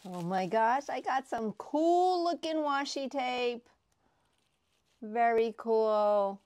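A woman crafting vlogger unboxing prizes she won, gushing and excitable, often repeating herself. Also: fairly high pitch, slow pace, dry recording. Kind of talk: casual unboxing vlog.

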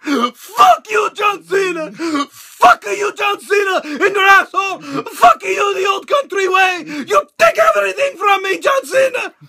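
A man impersonating a furious, heartbroken male wrestler who speaks broken English and yells curses with choked rage. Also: very high voice, big pitch swings, slow, voice pushed up, full character voice. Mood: furious, wailing. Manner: yelling, cursing, choked with rage.

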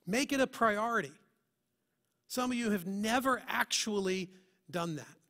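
A male pastor delivering a sermon in a church. His voice runs high and bright, and he presses his points with earnest rhetorical questions. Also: measured pace.

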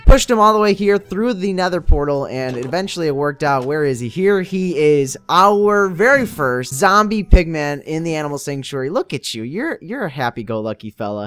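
A young man casually commenting on his Minecraft gameplay, chatty and upbeat, talking straight to his viewers. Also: on the high side. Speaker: Minecraft YouTuber.

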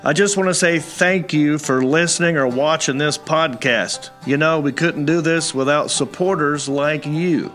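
A man's voice: fairly high pitch, measured pace, few pauses, fairly bright tone. A man hosts a comedy podcast in a slightly raised voice. He sounds playful and mock-indignant, and he drags out his sign-offs. Faint music sits behind him. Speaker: podcast host. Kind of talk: casual comedy podcast chat.

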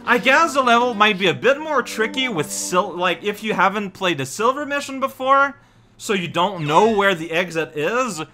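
A man's voice: high voice, expressive, moderate pace, pushed and bright. A man with a Quebec French accent giving rambling, joking gameplay commentary, sometimes singing snatches of songs. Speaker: let's play host. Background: game music.

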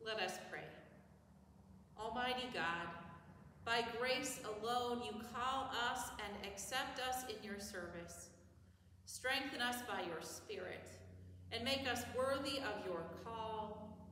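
A woman leading a liturgical prayer in a church, slow and measured. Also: on the high side, sharp tone, slight background noise. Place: church sanctuary. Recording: echoey hall from far off.

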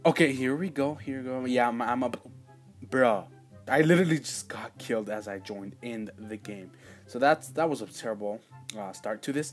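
A man giving casual let's-play commentary as a gaming channel host, rambling and excitable, with sudden loud outbursts and quiet asides. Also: medium pitch, normal speed, soft background music.

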